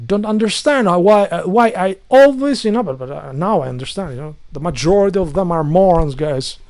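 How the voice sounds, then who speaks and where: A man's voice: on the high side, expressive, a little fast, darkish tone, no echo. A man delivering an angry ranting monologue to viewers, full of insults, repetition and stumbling restarts. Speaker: video blogger.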